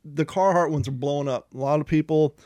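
A man's voice: a little high, steady tone, a little fast, dark tone, no room sound. Rambling, profane middle-aged man. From Ohio. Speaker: podcast co-host. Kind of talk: casual chat.

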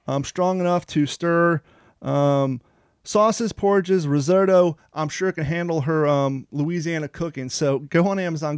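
A male podcast host talking in a chatty, rambling way and pitching offers with sales energy. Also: clear, resonant tone, no room sound, clean studio sound. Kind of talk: casual podcast chat and ad reads.

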